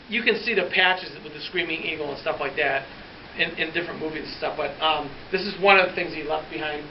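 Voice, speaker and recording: High-ish guy teacher storytelling to his class, does all the voices, far off in an echoey room. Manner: animated, acts out dialogue with shifting pitch. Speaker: history teacher. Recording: roomy, distant, dull with faint hiss.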